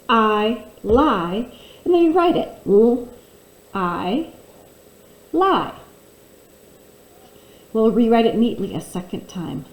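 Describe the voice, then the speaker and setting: A woman teaching a phonics lesson to children, slowly and clearly sounding out letters and words. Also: medium pitch, mellow, a little hiss or hum. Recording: echoey room.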